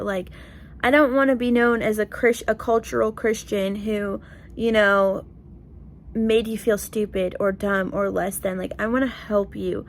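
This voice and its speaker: A woman's voice: medium pitch, fairly even intonation, a little slow, a little hiss or hum. Earnest young woman sharing her heart. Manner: earnest, emotional, lots of "like" and "you know". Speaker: vlogger. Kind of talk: heartfelt casual vlog talk.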